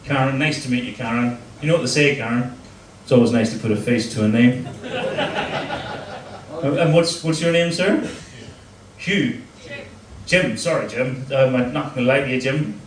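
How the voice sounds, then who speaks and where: A man's voice: medium pitch, normal speed, pauses often, background noise. A man with a Northern Irish accent doing crude stand-up comedy, teasing the audience. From Northern Ireland. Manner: crude, crowd-teasing banter. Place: comedy club stage. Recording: roomy live venue, mic at a distance, crowd laughter. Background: audience laughing.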